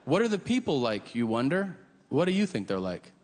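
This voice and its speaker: A man's voice: mid-range voice, sing-song, fairly quick, darkish tone. Profane male stand-up comedian in a hall. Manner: profane, mocking, acts out voices of people he describes. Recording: live hall recording with reverb.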